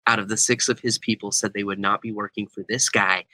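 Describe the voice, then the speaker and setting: A young man, an author and speaker, telling a story as a guest in an interview. He talks animatedly and acts out the quotes. His voice is very bright and forward, recorded close with no room sound. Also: lowish voice, level tone, brisk, no echo, poor audio. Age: young adult.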